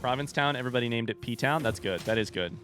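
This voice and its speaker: A man's voice: medium pitch, fast talker, over music. Rambling, distracted young man streaming. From United States. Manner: rambling, distracted, self-deprecating, thinks out loud. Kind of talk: casual livestream chat while gaming.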